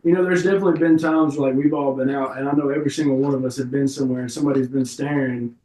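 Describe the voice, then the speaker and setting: A man's voice: mid-range voice, fairly even intonation, very fast, dark tone, roomy sound, distant mic, poor audio. A man telling loose, profane stories as an interview guest. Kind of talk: casual interview storytelling.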